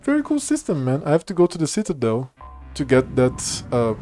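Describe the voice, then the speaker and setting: A man's voice: a little high, wildly swooping pitch, a little fast, mellow, soft background music. A man casually chatting and rambling while streaming a game, laughing and swearing often. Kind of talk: casual gameplay commentary.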